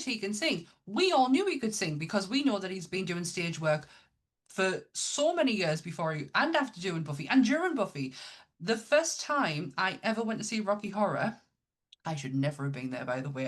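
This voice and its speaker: A woman co-hosting a podcast, chatting enthusiastically about films with lots of restarts. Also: lowish voice. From Northern England. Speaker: podcast co-host. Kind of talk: casual chat.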